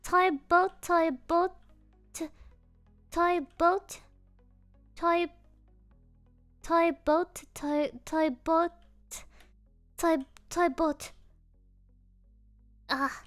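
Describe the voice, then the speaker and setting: A woman's voice: extremely high pitch, fairly even intonation, very slow, pauses often, no room sound, faint music behind. A woman virtual streamer chatting casually with a non-native English accent, playful and giggly, repeating silly phrases. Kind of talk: casual live stream chat.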